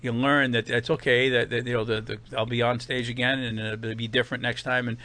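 A man's voice: medium pitch, brisk. A man in his fifties with a Boston accent, a comedian telling rambling stories full of fillers in an interview. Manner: rambling, animated anecdotes with many fillers. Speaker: guest comedian. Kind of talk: casual storytelling interview.

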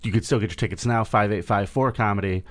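A man's voice: lowish voice, fairly even intonation, fast talker. Teasing male radio host. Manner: teasing, playful. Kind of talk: casual banter.

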